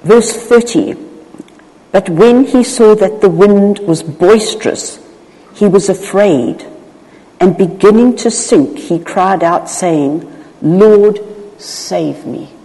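A woman preaching a sermon, expressive, acting out the voices of people in the story. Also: mid-range voice, slow pace. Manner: expressive, acts out Bible voices. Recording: long hall reverb.

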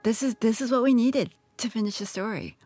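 A woman's voice: a little high, fairly quick, over music. A woman in her thirties telling her own story as a radio reporter in a chatty way, full of "like" and restarts. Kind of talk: casual storytelling.

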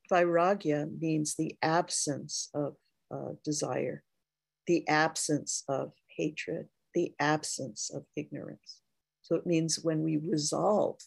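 A woman Zen teacher giving a dharma talk, speaking in a slow, reflective way with frequent pauses. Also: low voice, gravelly, darkish tone, slightly rough, dry recording.

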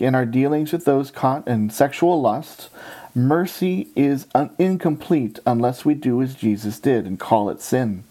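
A man preaching a sermon in an earnest, steady way, often pausing to quote scripture and other writers. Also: medium pitch.

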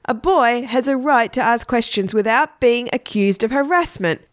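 A woman's voice: high-pitched, animated, moderate pace, clean tone, dry recording, clean studio sound, pitched above the performer's own voice. Egbert, a woman doing a pushy indignant boy. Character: indignant persistent young boy.

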